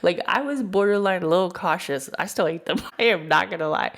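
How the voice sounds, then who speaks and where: A woman podcast host telling a story in a casual, animated way, full of slang and cursing. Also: fairly low pitch, brisk. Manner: animated, profane, chatty with slang asides.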